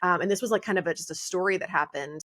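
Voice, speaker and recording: A woman in her forties, a podcast guest, telling family stories with many fillers and quick laughs. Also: fairly low pitch, sharp tone. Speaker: podcast guest, author and coach. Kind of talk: candid podcast conversation.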